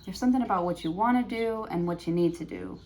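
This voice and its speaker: A woman's voice: fairly low pitch, fast, warm tone. A woman giving a prerecorded tarot reading, thinking aloud with many fillers and restarts. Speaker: tarot reader.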